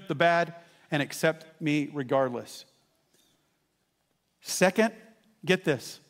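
A man preaching a sermon as pastor, telling stories with lively asides to the congregation. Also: high-pitched, in a large hall. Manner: animated storytelling with asides to the congregation.

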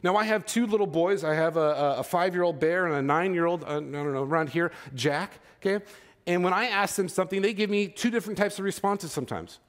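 Conversational male pastor preaching, slightly high voice. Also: brisk. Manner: conversational, checks in with "okay?" and "right?". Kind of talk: sermon.

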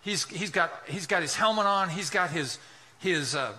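This pastor preaches with passion, firing off rhetorical questions one after another and acting out the voices of characters in the story. His voice sits high with a sharp tone, and he keeps a moderate pace.

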